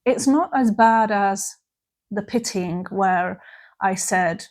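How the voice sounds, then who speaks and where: A woman giving a gentle, unhurried reflective talk about mental health, sometimes softly acting out phrases. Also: mid-range voice.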